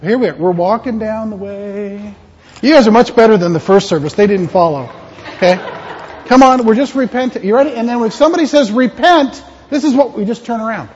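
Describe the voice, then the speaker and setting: A man's voice: high voice, brisk, slight background noise. A man, a pastor, giving a playful, interactive children's sermon in a church. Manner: playful, interactive, gently teaching. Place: church sanctuary. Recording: echoey church hall, dull lo-fi.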